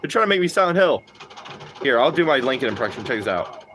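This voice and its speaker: A man's voice: mid-range voice, fast, slight background noise. A young man livestreaming a game, chatting casually with viewers, cursing and joking as he riffs off chat. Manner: animated, profane, jokey, riffs off chat.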